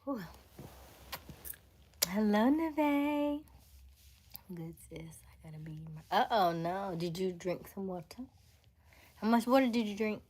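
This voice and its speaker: A woman's voice: fairly low pitch, moderate pace, darkish tone, husky. A young woman hosting a casual livestream, greeting viewers in chat and laughing often. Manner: laughs often, reads and answers chat names. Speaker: livestream host.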